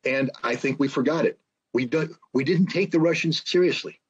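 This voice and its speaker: Husky American man in his sixties, emphatic interview guest, dull lo-fi audio. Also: a little high, normal speed. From United States. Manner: emphatic, repeats phrases, acts out quoted speech. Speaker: guest, former weapons inspector and analyst. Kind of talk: forceful political commentary in an interview.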